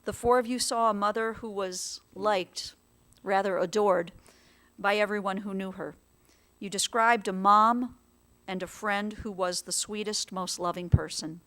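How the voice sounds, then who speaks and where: A woman officiant giving a funeral eulogy in a chapel, speaking slowly, gently and in a measured way. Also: medium pitch, fairly even intonation.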